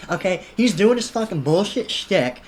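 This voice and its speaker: A commentator tears into the subject in a heated, profane reaction rant. The delivery is sarcastic, with a pitch that swings widely around a middle register. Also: very animated, moderate pace. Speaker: online commentator.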